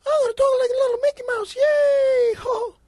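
A man doing a high, squeaky cartoonish voice as an eager young man in an improv comedy sketch. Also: steady tone, normal speed, a little mellow, dry recording.

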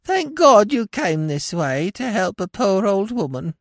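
A man's voice: high voice, sing-song, unhurried, dry recording, clean studio sound, pitched above the performer's own voice, full character voice. A man putting on a whining old woman beggar. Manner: whining sing-song plea.

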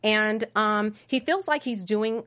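A woman's voice: medium pitch, slow. A woman co-hosting a casual chat, recapping a reality show and acting out what people said. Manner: animated, acts out quotes with shifting tone. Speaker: recap podcast co-host.

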